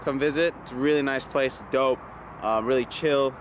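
A man's voice: mid-range voice, fairly even intonation, moderate pace, a little hiss or hum. A young man vlogging casually while walking through an outdoor park, joking and ranting in mock exasperation.

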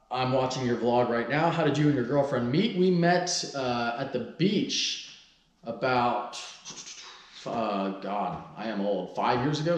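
A man's voice: mid-range voice, echoey room. A man in his twenties, a car vlogger in casual vlog talk, loose and joking, who swears freely. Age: 20s.

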